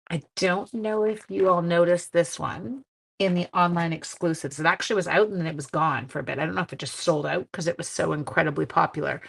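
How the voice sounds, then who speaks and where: Her voice is on the low side, gravelly with a breathy edge, as she hosts an easygoing live craft demo. She chats with viewers, reads their comments, and jokes at her own expense in a friendly way.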